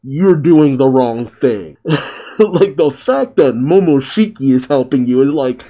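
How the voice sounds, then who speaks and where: Sex: man. Role: reaction host. Style: casual comic commentary. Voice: mellow, mid-pitched, chatty. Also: a little slow, muffled recording. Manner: animated, chatty, laughs at the story.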